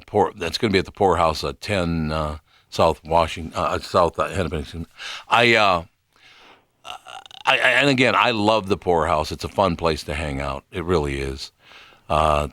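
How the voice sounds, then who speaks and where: A man hosts a morning radio interview in a very low voice. He talks in a loose, conversational way, often restarting his sentences. The mic sound is dry and close. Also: a bit bright, no echo. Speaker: radio show host.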